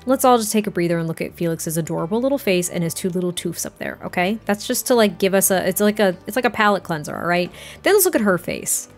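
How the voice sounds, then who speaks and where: Woman storyteller, casual and chatty, mid pitch, soft music bed. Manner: chatty, many fillers and restarts. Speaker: video game storyteller.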